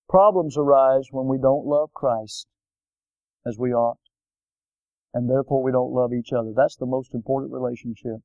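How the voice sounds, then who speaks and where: A pastor preaching a sermon and praying, with a preaching delivery that swells louder on key points and slows down for emphasis. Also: male voice, mid-range voice, flat delivery, dry recording. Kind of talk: sermon with closing prayer. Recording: dull, lo-fi dry recording.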